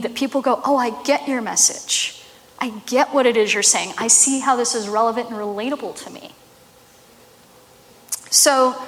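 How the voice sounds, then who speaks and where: Casting note: upbeat woman, somewhat high voice, chatty marketing talk, long echo. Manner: chatty, animated, asks "right?" often. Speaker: marketing speaker. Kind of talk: casual talk to camera.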